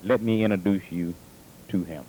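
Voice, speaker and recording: A man preaching a sermon in slow, deliberate questions. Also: sits low, fairly even intonation, warm tone, slight background noise, poor audio.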